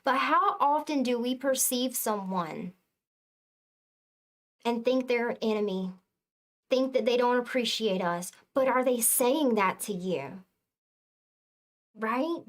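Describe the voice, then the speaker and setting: Slow, earnest spiritual vlogger woman. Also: a little high, animated. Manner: earnest, emphatic, swears freely. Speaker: spiritual reader. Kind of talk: casual spiritual talk to camera.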